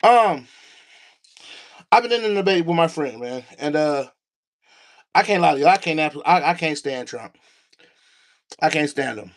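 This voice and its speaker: A man's voice: on the high side, lively intonation, a little slow, long pauses. A man hosting a casual livestream from his basement, talking to his chat and his dog, a little out of breath. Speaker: livestream host. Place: home basement studio. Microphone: no mic, room sound.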